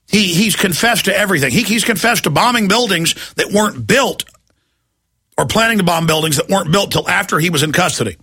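Male radio host, North Texas accent, fairly high gravelly voice, scornful and emphatic delivery. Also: bright, forceful tone, no echo. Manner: emphatic, scornful, repeats words. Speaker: radio talk show host. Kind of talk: talk radio monologue.

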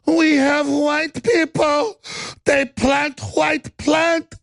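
A man mocking a woman politician with a high, drawn-out, wailing voice and a put-on Latin American accent. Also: level tone, gravelly, no echo, full character voice.

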